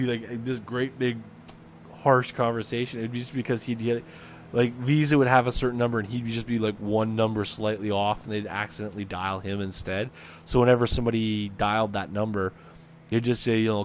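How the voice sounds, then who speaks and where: A man's voice: fairly low pitch, fairly quick, slight background noise. A man casually telling a personal story over game footage, rambling with fillers and acting out the people he quotes. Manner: rambling, animated retelling with fillers and acted-out quotes. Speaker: gaming video storyteller. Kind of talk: casual spoken anecdote. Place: at home, voice-over on gameplay.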